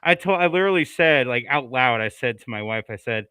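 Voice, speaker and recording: A man's voice: mid-range voice, lively intonation, fairly quick, pushed and bright, smooth, no echo. A man co-hosting a casual movie podcast, telling his thoughts in a rambling, self-correcting way. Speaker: co-host.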